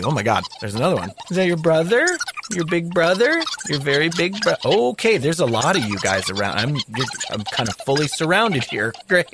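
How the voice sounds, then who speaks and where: A man's voice: a little high, heavy background noise. A man hosting a storytelling podcast, reading scripted lines with a joking, mock-panicked delivery. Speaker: podcast host. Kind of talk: scripted comedic narration. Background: music bed.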